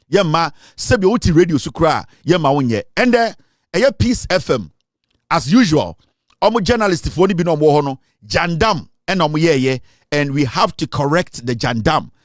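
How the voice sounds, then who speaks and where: Emphatic Ghanaian man, higher pitch, dry. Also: no room sound. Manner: emphatic, lecturing, repetitive. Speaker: radio and online show host. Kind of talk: fiery political commentary mixing Twi and English.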